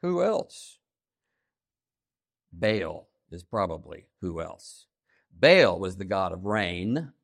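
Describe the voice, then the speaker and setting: A man preaching a sermon, stressing key phrases by repeating them and swinging between loud emphasis and quiet asides. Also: mid-range voice, dry recording, studio quality. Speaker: pastor.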